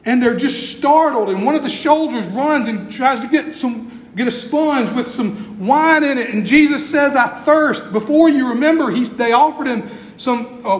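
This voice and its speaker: A middle-aged male pastor preaching a sermon with building intensity and long pauses, heard in a church sanctuary. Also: very high-pitched. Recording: echoey hall.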